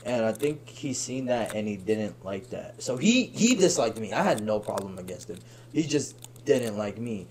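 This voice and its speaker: A young man swaps stories on a casual podcast, his pitch swinging up and down as he talks. He is animated and laughs easily, and he acts out his friends' lines in little voices. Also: normal speed, slight background noise. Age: young adult. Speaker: podcast guest. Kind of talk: casual storytelling chat.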